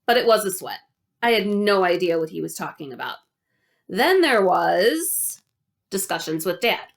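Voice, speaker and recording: A woman reading a children's novel aloud in an animated, expressive way. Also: on the low side, measured pace, creaky. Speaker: audiobook reader.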